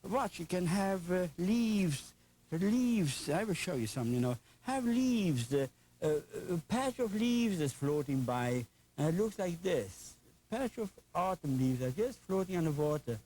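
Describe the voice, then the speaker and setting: A man's voice: sits high, sing-song, measured pace, mellow, rough recording. An older man with a German accent, teaching a painting lesson in an enthusiastic, folksy, chatty way with playful asides. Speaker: painting instructor.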